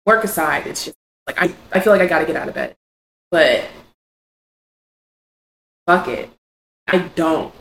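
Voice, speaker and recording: A young woman co-hosting a podcast in casual chat, frank and expressive, swearing freely. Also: on the low side, a little slow, long pauses. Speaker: podcast co-host. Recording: echoey room, faint background noise.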